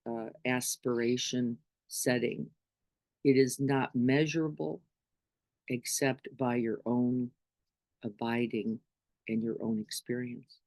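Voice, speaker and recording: A woman's voice: a bass voice, darkish tone, dry recording. Conversational woman giving a spiritual talk. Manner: conversational, often checks in with "right?". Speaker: spiritual teacher. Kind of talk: informal spiritual talk to a group.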